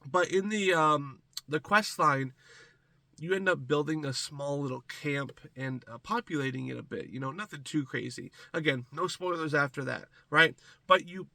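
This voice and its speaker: A man's voice: fairly high pitch, moderate pace, vocal fry, bright, forceful tone, no echo. A man with a congested, stuffy voice, chatting casually as a gaming commentator and rambling to his viewers from a small closet. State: congested from a cold.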